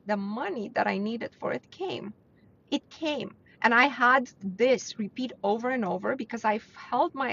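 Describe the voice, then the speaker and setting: A woman's mid-range, somewhat bright voice leads a live mindset talk she hosts each week. Earnest and blunt, she pushes her voice higher to stress ideas for her viewers, and the stream's audio is dull and lo-fi.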